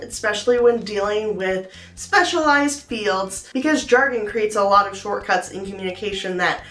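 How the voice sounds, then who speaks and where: A young adult woman giving her opinions in a casual vlog, animated and playful, with sarcastic asides. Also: mid-range voice. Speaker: vlogger. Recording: echoey room.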